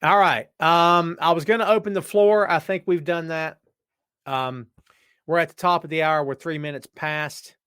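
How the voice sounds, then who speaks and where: A man's voice: a little high, steady tone, normal speed, a bit bright, smooth, dry recording, clean studio sound. A man hosting a casual live-stream talk show, his voice worn out, rambling and joking straight to viewers. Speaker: podcast host. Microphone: webcam setup.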